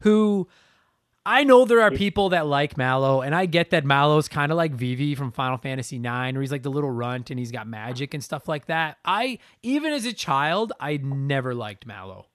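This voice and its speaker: A man's voice: on the high side, expressive, moderate pace, fairly bright tone, no room sound, clean studio sound. A man co-hosting a casual gaming podcast, ranting in a profane, exaggerated way. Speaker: podcast co-host.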